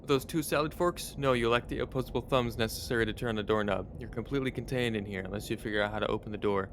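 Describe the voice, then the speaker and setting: A man's voice: mid-range voice, fast talker, fairly bright tone, slight background noise. A man streaming a game, playfully reading out its narration and his typed commands. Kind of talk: reading a text adventure aloud.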